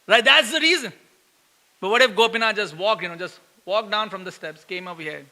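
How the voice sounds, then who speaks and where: A middle-aged man giving a lively sermon, often asking listeners "right?" and acting out complaints. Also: high-pitched, brisk. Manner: lively storytelling, acts out quoted complaints, laughs often; asks listeners "right?" again and again. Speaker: preacher giving a scripture class. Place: temple hall. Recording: long hall reverb.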